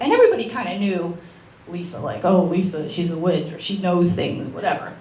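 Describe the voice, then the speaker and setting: A woman's voice: on the low side, lively intonation, brisk, darkish tone. A woman astrologer giving a personal talk at a networking event, chatty and emotional, laughing often and tearing up at times. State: tearful at times. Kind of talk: personal talk to a live audience. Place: event room with an audience. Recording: roomy echo with faint background noise.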